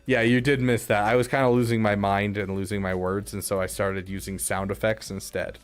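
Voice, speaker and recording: A man's voice: fairly low pitch, flat delivery, brisk, clean tone. A man streaming live, chatting casually with his viewers, rambling, restarting his sentences and laughing often. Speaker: streamer reading chat.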